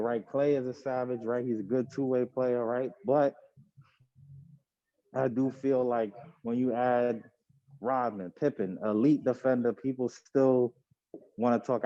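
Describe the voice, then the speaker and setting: A man co-hosting a podcast, giving his take on basketball in a measured, casual way, often checking in with "right?". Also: fairly even intonation, mellow, no room sound. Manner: measured, hedging with "right?" and "you know". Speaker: podcast co-host. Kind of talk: casual sports debate. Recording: dull low-fi home podcast audio.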